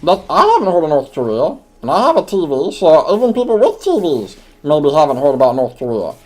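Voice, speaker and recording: A man doing a high, whiny clueless guy. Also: huge pitch swings, fairly quick, a little mellow, low-quality recording. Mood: confused. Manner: argumentative, defensive. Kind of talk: comedic gaming banter.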